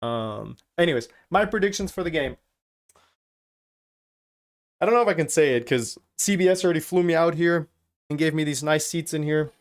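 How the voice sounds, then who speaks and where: A man from Germany hosts a casual live stream, reading out chat messages and ribbing the viewers as he goes. His voice sits a touch high for a man and comes through smooth and clear. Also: normal speed, pauses often. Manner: jokey, reads out and teases chat.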